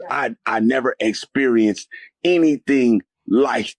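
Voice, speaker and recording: A man's voice: medium pitch, moderate pace, no room sound. Intense man telling a testimony. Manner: intense, emphatic, rising to near-shouting in dramatic moments. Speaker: interview guest sharing a testimony. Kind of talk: personal testimony storytelling.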